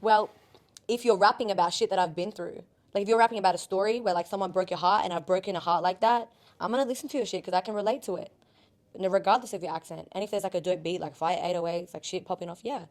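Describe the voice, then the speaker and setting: This young Australian woman is a rapper appearing as a podcast guest, and her voice is medium-pitched, quick and slightly mellow. She chats casually, says "like" constantly and keeps drifting onto tangents.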